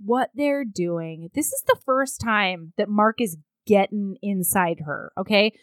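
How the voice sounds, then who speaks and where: A woman co-hosting a casual chat, recapping a book in a blunt, crude and animated way. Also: medium pitch, measured pace, no echo.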